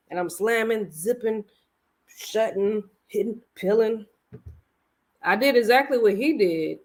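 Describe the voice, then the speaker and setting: A woman hosting a casual chat about a reality show, talking candidly and telling her own story with slangy, animated detail. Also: mid-range voice, measured pace. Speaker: podcast host.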